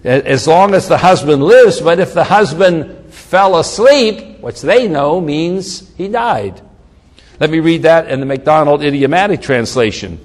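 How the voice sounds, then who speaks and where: A man's voice: a little high, a little slow, big-room sound. A man preaching a sermon, reading scripture aloud with rising emphasis and slipping into casual asides. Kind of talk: sermon, Bible exposition.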